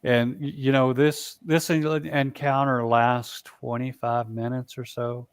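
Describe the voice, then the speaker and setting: A man telling a long story as a guest in a casual interview, halting, with frequent restarts and asides. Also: mid-range voice, flat delivery, smooth, no room sound, studio quality. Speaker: guest, Bigfoot researcher.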